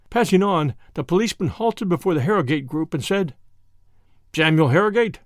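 A man narrating a classic mystery story in an expressive reading. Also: on the high side, no echo, clean studio sound.

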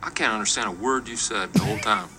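A man's voice: lowish voice, quick pace, bright, forceful tone, faint music behind. An actor playing a brash grown man who teases someone in a film scene. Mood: mocking. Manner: brash and teasing. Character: mocking adult man taunting a foreign driver.

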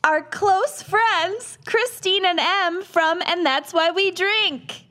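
A woman's voice: very high voice, slow pace, pushed and bright. A woman from Minnesota hosting a podcast and leading the casual chat in an easygoing way. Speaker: podcast co-host.

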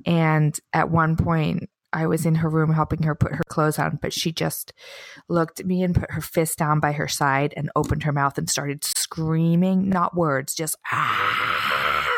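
A woman in her thirties with a lowish voice, chatting candidly and mocking herself on a parenting podcast. She pauses often, filling gaps with ums and likes, and sounds dry and close-miked. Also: flat delivery, creaky, no echo. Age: 30s. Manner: candid, self-deprecating, many ums and likes. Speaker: podcast co-host. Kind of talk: casual chat.

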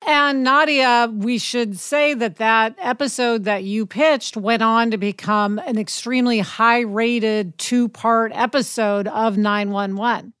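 A woman's voice: on the high side, steady tone, slow, few pauses, a bit bright, smooth, no echo, studio quality. A woman co-hosting a podcast interview, asking encouraging questions. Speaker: podcast co-host. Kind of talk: interview chat.

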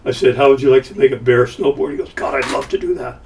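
A man's voice: medium pitch, fast talker, a little hiss or hum. A middle-aged man casually recounting a business story, acting out the quoted voices as he goes. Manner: animated, acts out quoted dialogue. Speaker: company founder telling a story. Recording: voice somewhat far from mic.

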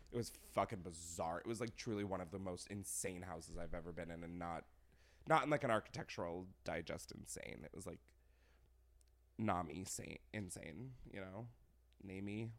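A young man hosting a podcast, chatting casually in a gossipy, animated way, laughing often and saying "like" a lot. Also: lowish voice. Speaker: podcast host. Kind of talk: casual chat.

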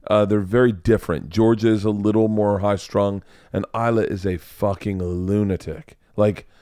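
A middle-aged man hosting a podcast, telling stories in a profane, animated way and acting out voices. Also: fairly low pitch, normal speed, clear, resonant tone, no echo, studio quality. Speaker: comedian podcast host. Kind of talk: casual chat.

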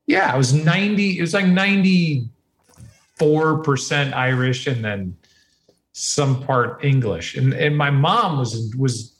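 A man who works as an announcer talks casually on a podcast. He tells stories about himself in a self-mocking way, and his pitch sits in an ordinary middle range. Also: slow pace.

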